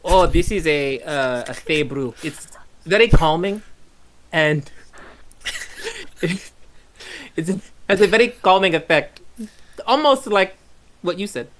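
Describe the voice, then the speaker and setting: A man's voice: high voice, very animated, slow, pauses often, a bit bright, a little hiss or hum. A man running a tabletop game as game master, narrating in a rambling way with lots of fillers.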